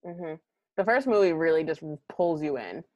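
Dry, low-voiced woman podcast host. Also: very animated, moderate pace, a little mellow, no echo, lo-fi sound. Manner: rambling, filler-heavy, self-deprecating. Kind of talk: casual chat.

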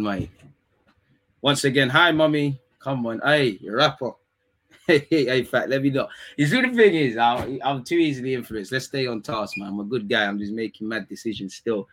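A young man, chatting casually on a live stream, reading comments and teasing his chat in quick, slangy talk. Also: on the low side, a bit bright. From England.

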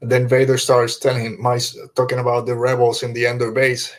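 A man co-hosting a podcast, talking casually and enthusiastically, rambling and slipping into quick impressions of characters. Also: mid-range voice, monotone. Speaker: podcast co-host. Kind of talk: casual fan review chat.

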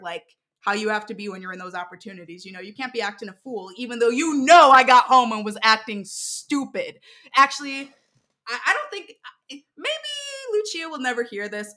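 Bright, animated young woman telling stories. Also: a little high. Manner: animated storyteller, many fillers and restarts. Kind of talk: casual interview chat.

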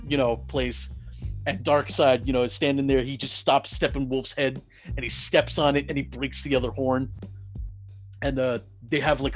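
A man casually recapping a movie, rambling with lots of fillers and some swearing, getting worked up over the action. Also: medium pitch. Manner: rambling, heavy "you know" and "like" fillers, profane; grows excited and loud at the climax.

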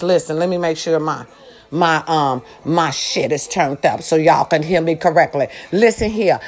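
Angry ranting woman vlogger. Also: mid-range voice. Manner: angry, emphatic, slangy and profane; drawn-out emphatic phrases, repeats lines for effect. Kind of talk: ranting monologue to camera.

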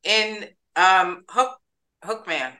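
A woman with a bright, clear-edged voice hosts a podcast. She talks chattily and upbeat, and she stumbles over a name now and then. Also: mid-range voice, drawn-out words, rough recording. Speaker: podcast host. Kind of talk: casual interview.

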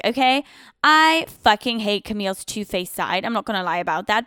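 A young woman hosting a podcast, blunt and sassy, swearing freely as she gives her opinions. Her voice is smooth and crisp, and the close mic leaves it dry with no room sound. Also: medium pitch, fairly bright tone, no echo. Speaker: podcast host. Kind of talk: casual opinionated recap.

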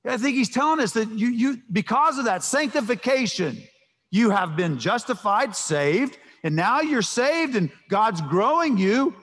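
A man's voice: very high voice, lively intonation, unhurried, a bit bright. A man preaching a sermon as pastor, emphatic and prone to repeating words as he starts a thought, recorded in a church sanctuary. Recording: long reverb of a large hall.

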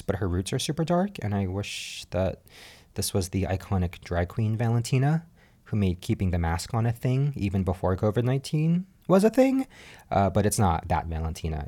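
Casual podcast host, male, lower voice, chatty with lots of fillers and laughs. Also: moderate pace. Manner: chatty, animated, laughs often, frequent fillers. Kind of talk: casual recap commentary. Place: home apartment.

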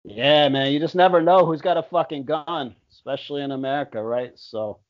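A man's voice: fairly high pitch, a little fast, a little hiss or hum. A young man chatting casually on a podcast, laid-back and swearing a lot. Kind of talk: casual chat. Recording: dull lo-fi audio.

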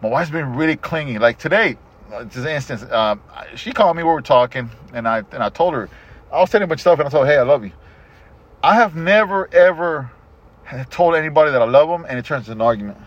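A middle-aged man chats on a podcast, telling stories in an animated, profane way. His voice is husky and sits a little high. The audio is dull and lo-fi. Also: fast. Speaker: podcast host. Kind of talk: casual chat.

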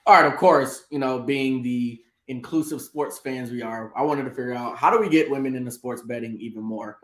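A relaxed man from Atlanta co-hosting a live show in easygoing chat. His mid-pitched voice has a roomy echo around it. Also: brisk. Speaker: co-host.

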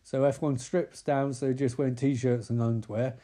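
A man's voice: mid-range voice, level tone, normal speed, warm tone. A man rambling through a comic film recap, swearing and interrupting himself. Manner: rambling, profane, self-interrupting.

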